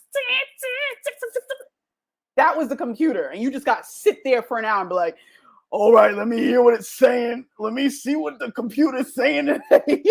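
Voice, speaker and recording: A woman hosting her own podcast, giving a jokey motivational talk and acting out quoted voices as she goes. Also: high-pitched. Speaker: podcast host.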